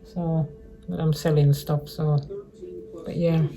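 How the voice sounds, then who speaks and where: Mellow-voiced woman rambling through her worries. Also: low voice, level tone, slow pace, soft background music. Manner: rambling, repeats herself, many restarts. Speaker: vlogger. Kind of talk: casual personal update to viewers. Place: living rough on the streets.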